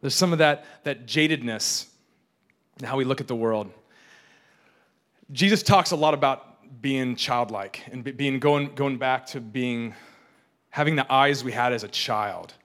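A man's voice: mid-range voice, a little slow, fairly bright tone. A young adult man preaching a casual, joking sermon, often repeating and restarting his words. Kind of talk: conversational sermon.

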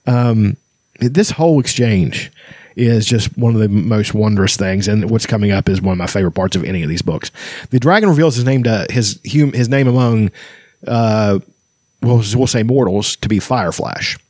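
A man's voice: lowish voice, animated, normal speed, a little mellow, dry recording, studio quality. A man in casual conversation about a fantasy novel, chatty and enthusiastic, reading out passages between remarks. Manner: chatty, enthusiastic, many fillers and restarts. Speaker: podcast host. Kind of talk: casual book discussion with read-aloud passages.

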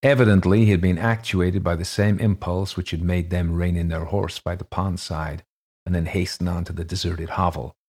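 A man reading a ghost story aloud as an audiobook narrator, measured and even. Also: deep voice, slightly rough.

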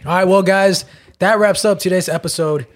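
A man's voice: sits high, fairly even intonation, moderate pace. A man with a strained voice co-hosting a casual, joking podcast chat. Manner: playful, teasing. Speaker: podcast co-host.

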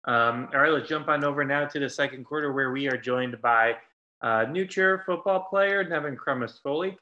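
Male podcast host, bright forceful tone, dull lo-fi sound, casual and full of fillers. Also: medium pitch, normal speed. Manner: frequent ums and uhs, relaxed. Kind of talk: casual sports podcast chat.

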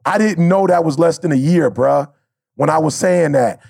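A man's voice: fairly high pitch, normal speed, vocal fry, darkish tone, dry recording, clean studio sound. A man co-hosting a podcast, talking in a casual, heartfelt way. He is emphatic and slangy and repeats his points. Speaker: podcast co-host.

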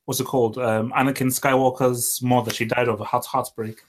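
A man's voice: mid-range voice, level tone, brisk. A man co-hosting a football podcast, firing back with incredulous retorts. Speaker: podcast co-host. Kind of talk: casual sports chat.

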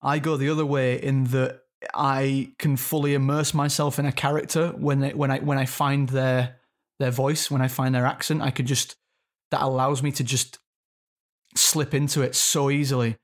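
Guy in his 30s talking thoughtfully about acting, middle pitch, kind of halting. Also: flat delivery. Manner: reflective, searching for words. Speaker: actor guest. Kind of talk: interview conversation.

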